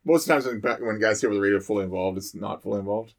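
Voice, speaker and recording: A man's voice: fairly low pitch, rapid-fire, creaky. A man, a firefighter, telling a fire call story in casual chat, rambling with many fillers and restarts.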